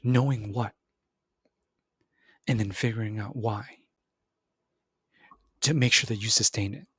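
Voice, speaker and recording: A man hosting a podcast, giving an animated motivational monologue, repeating words and acting out other voices. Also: measured pace, husky, dry recording, clean studio sound. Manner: animated, repeats words, acts out voices with big pitch jumps. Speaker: podcast host.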